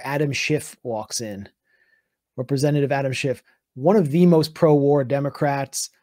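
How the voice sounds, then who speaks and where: A man, a guest journalist, telling a heated political story in an animated way with restarts. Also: fairly high pitch, no echo, studio quality. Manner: heated, fast recounting with restarts.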